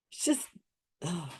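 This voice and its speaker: A woman with a slightly low voice recounts events in a relaxed, chatty way, clearly skeptical of what she saw. She keeps slipping into little acted-out quotes, giving her storytelling a lively, wry bounce. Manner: animated retelling, acts out quoted lines. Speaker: skeptical commentator on psychics. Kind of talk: casual storytelling commentary.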